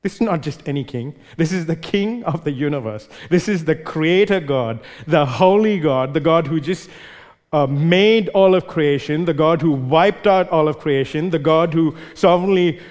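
Emphatic preacher with a fairly high voice. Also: male voice, moderate pace, a little mellow. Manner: emphatic, repeats words for stress. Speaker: pastor. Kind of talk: sermon. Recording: long reverb of a large hall.

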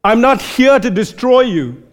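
A male preacher speaking as God, a protective father, declares his care in slow, emphatic lines. The voice sits high and rings out with raised force. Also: very animated, heavily acted. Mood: reassuring.

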